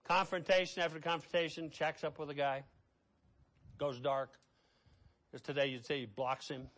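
A middle-aged man preaching a sermon as pastor. He swings between hushed, quiet passages and loud, impassioned ones. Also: a little high, level tone, moderate pace.

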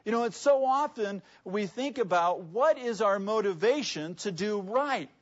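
A man's voice: high voice, animated, unhurried. A man preaching a sermon in a conversational way, often asking the audience rhetorical questions, in a dull lo-fi recording. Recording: dull lo-fi sound.

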